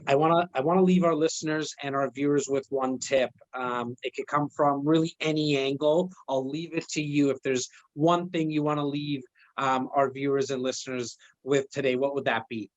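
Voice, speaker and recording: A man hosts a podcast interview in a friendly, appreciative way with light joking. His pitch is middle-range. The recording is dry and somewhat dull. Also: steady tone, normal speed, no echo. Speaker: podcast host.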